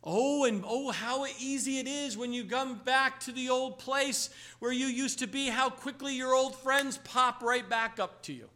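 A man's voice: extremely high pitch, measured pace, hardly any pauses, pushed and bright. A man preaching a sermon, telling stories with emphatic exclamations.

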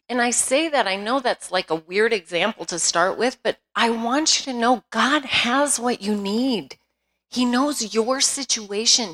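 A woman's voice: medium pitch, a bit bright. A middle-aged woman speaking at a women's retreat, candid and conversational, often restarting her sentences.

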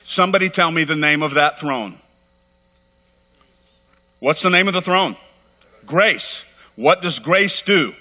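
A middle-aged man preaching a sermon as pastor, fervent and emphatic, talking rapidly and repeating phrases for weight. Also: fairly high pitch, animated, bright, forceful tone. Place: church sanctuary. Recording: long hall reverb.

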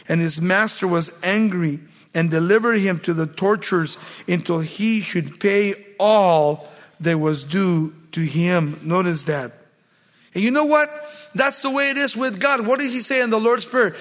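A man's voice: high voice, expressive, a little slow, fairly bright tone, long reverb tail. A man preaching a sermon, reading scripture aloud and then expounding on it with emphatic repetition.

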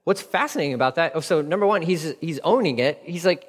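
A man preaching a sermon in a conversational, animated way, dropping into quick acted asides. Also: fairly high pitch, slightly rough, big-room sound. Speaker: pastor.

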